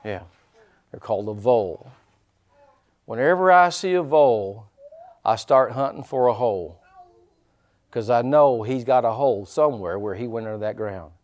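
In a medium-pitched voice at a moderate pace, a pastor delivers a lively sermon, pausing often. Folksy humor, repeated lines, and shouts out to the congregation drive his call-and-response style.

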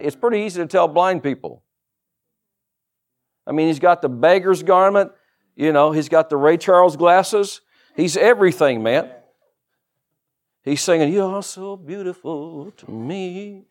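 Animated, higher-voiced male preacher. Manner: lively preaching with humorous asides and rhetorical questions. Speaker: pastor. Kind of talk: sermon.

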